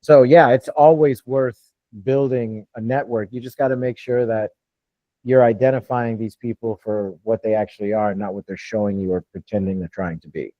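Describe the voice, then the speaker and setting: A man's voice: mid-range voice, fairly even intonation, normal speed, no echo, highs cut off. Blunt, casual male coach on a call. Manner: blunt, casual, swears freely. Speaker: host and wholesaling coach. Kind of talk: live Q&A coaching.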